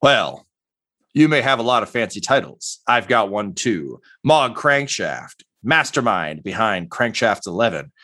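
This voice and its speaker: A man's voice: on the low side, big pitch swings, a little slow, bright, forceful tone, heavily acted. A man voicing a crude, grumbling heist mastermind in a tabletop game, raising his voice, cursing and sheepish.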